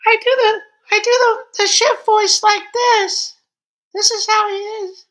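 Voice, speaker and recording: A squeaky, slow, snooty politician. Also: male voice, flat delivery, sharp tone, full character voice. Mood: mocking. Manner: mocking impression, drawn-out words.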